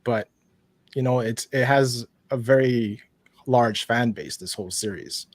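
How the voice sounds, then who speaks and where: A man's voice: unhurried, dry recording. A man who is a guest on a casual podcast, telling a story expressively. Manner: expressive storyteller, swings his pitch widely.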